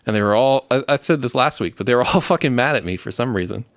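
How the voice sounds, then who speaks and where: A man's voice: medium pitch, lively intonation, fast talker, smooth, dry recording, clean studio sound. A young man in casual, profane chat, rambling through stories and laughing as he talks. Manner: rambling, swears constantly, laughs while telling stories. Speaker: show host.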